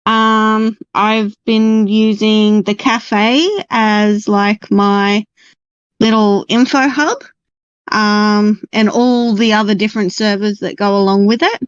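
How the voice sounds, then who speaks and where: A woman from around Sydney with an Australian accent, chatting casually and filling pauses with um and like. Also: medium pitch, steady tone, smooth, dry recording. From Sydney area, Australia. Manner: chatty, lots of um and like. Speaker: guest player. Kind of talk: casual chat. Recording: dull lo-fi voice chat audio.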